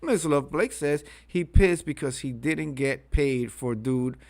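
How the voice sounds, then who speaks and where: A man's voice: a little high, slow pace. A man hosting a reaction commentary, mocking and crude in his remarks. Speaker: commentary host.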